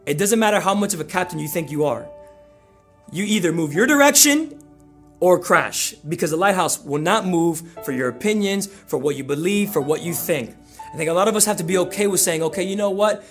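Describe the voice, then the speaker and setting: Male pastor, energetic conversational sermon, repeats key phrases, high-pitched voice, faint music behind. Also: fairly quick.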